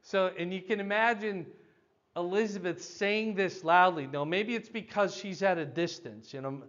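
An older man teaching a Bible passage verse by verse, with a loud, emphatic, explanatory delivery. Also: sits high, moderate pace, lo-fi sound.

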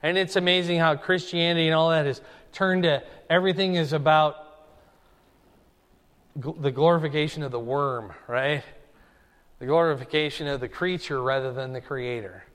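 A man's voice: fairly high pitch, moderate pace, fairly bright tone, clean tone. A man preaching an expository Bible sermon, conversational and emphatic, pushing his voice up for stress. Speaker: pastor. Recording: long hall reverb.

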